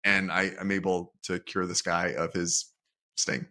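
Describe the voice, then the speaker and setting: A man co-hosting a podcast, telling a story in a relaxed, self-deprecating way. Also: low-pitched, measured pace. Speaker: podcast co-host. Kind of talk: casual chat.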